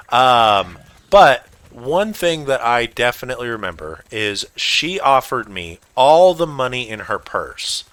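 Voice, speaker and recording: A man's voice: mid-range voice, sharp tone, no echo. A man hosting a gaming channel, telling rambling, self-deprecating stories in a casual way, with many ums and uhs. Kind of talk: casual storytelling over gameplay.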